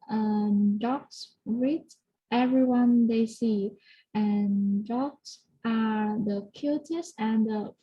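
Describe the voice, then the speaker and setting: A woman learning English, giving a hesitant practice answer with many pauses and fillers. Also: a little high, breathy edge. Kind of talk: spoken exam practice answer. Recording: dull lo-fi audio.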